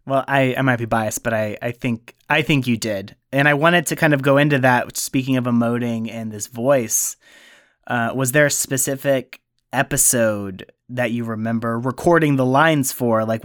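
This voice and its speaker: A man with a medium-pitched, very dry close-up voice, chatting on a podcast about the show he wrote. He tells anecdotes in a quick, conversational way, full of asides. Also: a bit bright, no room sound. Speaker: podcast creator and writer. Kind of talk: casual podcast interview.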